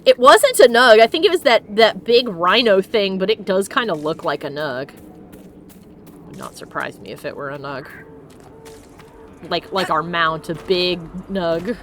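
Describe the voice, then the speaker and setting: A woman streaming a video game, chatting casually, reacting loudly and laughing often. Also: lowish voice, lively intonation, unhurried. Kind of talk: casual let's-play chat.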